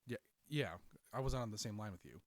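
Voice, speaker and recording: Animated laughing male podcast host. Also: lowish voice, fairly quick, dry recording. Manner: animated storyteller, laughs often. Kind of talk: casual chat.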